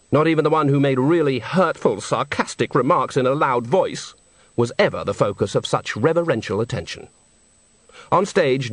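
A man narrating a comic novel in a wry, lively storytelling manner. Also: fairly high pitch, no room sound. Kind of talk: audiobook narration.

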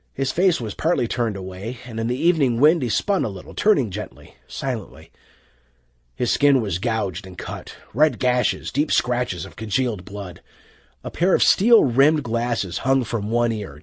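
A man narrating an audiobook with expressive, tense storytelling. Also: on the low side, slightly rough, dry recording, studio quality.

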